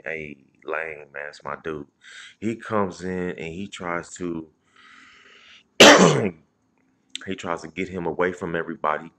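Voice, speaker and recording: Very deep-voiced man telling a loose story. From Indianapolis, Indiana. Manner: loose, profane street storytelling with many restarts and shout-outs. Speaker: comedian livestream host. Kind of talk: casual storytelling on a live stream.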